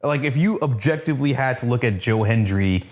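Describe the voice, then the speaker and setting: A man co-hosting a casual wrestling review, talking in a laid-back, swearing way as he pitches ideas. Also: expressive, brisk, a little mellow. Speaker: podcast co-host.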